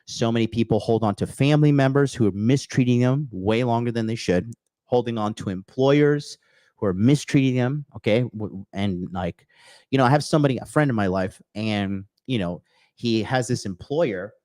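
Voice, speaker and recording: A man's voice: medium pitch, moderate pace, darkish tone, dry recording, studio quality. A man hosting a podcast who rants bluntly and crudely, swearing often and hammering points with repeated phrases and a constant "okay?". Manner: emphatic bursts, repeating key phrases. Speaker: podcast host. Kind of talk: profane motivational rant with chat replies.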